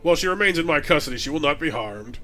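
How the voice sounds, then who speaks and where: A man voicing a grave older nobleman, a grieving father, speaking in a lowered, solemn and formal manner. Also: expressive, fast, bright, forceful tone, soft background music. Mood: solemn gravity.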